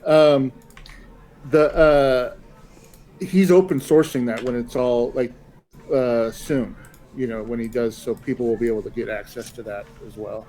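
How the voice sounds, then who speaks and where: A man hosts a relaxed podcast chat in a mellow, warm-toned voice. He rambles easily and offers friendly advice with plenty of fillers. His pitch sits at an ordinary middle level. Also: a little slow, poor audio. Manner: easygoing, rambling, gives advice with many fillers. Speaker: podcast host.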